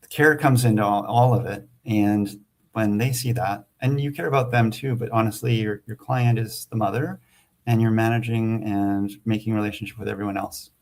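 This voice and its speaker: A man's voice: lowish voice, steady tone, normal speed. A man co-hosting a real estate show, talking loosely and correcting himself as he goes. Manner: loose, rambling, self-correcting. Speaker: realtor and co-host. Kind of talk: casual chat.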